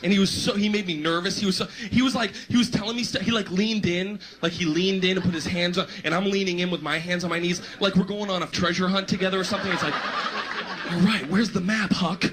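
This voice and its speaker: A man doing a stand-up routine, animated and jumping into squealing voices. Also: sits high, quick pace, few pauses. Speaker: stand-up comedian. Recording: noisy live stand-up recording.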